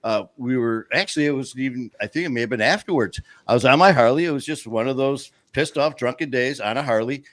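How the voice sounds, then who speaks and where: A man hosting a podcast, telling stories in a casual, animated way and laughing often. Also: medium pitch, quick pace, hardly any pauses. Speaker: podcast host. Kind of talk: casual chat.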